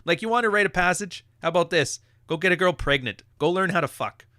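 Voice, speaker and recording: A man's voice: sits high, expressive, quick pace, pushed and bright, dry recording, studio quality. A man hosting a live podcast, ranting bluntly with lots of swearing and laughter. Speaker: podcast host.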